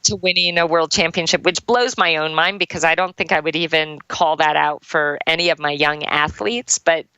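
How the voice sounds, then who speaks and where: A woman speaking in a low voice with a gravelly edge tells a heartfelt personal story as a podcast guest. Her tone is bright and crisp, and she often drops "like" as she talks. The sound is dry and close. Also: fairly even intonation, normal speed, hardly any pauses, no echo, dull audio. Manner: earnest, heartfelt, with frequent "like" fillers. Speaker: triathlon champion and coach, guest.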